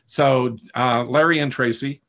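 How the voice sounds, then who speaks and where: During a live online class heard through a video call mic, a male coach speaks in a mid-range, slightly bright voice with fairly even intonation and a measured pace. He explains with patience and keeps checking in with his listeners.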